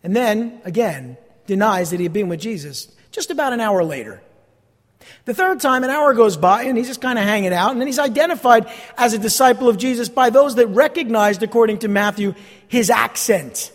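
A man with a New Jersey accent preaching a sermon, retelling a story with rhetorical questions and lively emphasis. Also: sits high, brisk. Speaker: pastor. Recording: long hall reverb.

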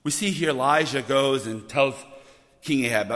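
Guy preaching, lively, stumbles and repeats words, loud bits, long echo off a big hall. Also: mid-range voice, moderate pace. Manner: animated, repeats words, rises to loud emphasis. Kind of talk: sermon. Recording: long reverb of a church hall.

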